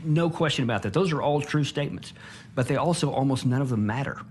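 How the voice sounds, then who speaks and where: A man's voice: mid-range voice, fast, a little mellow, slight background noise. A man speaking in a documentary interview, blunt and emphatic, often restarting his words. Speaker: interviewed commentator.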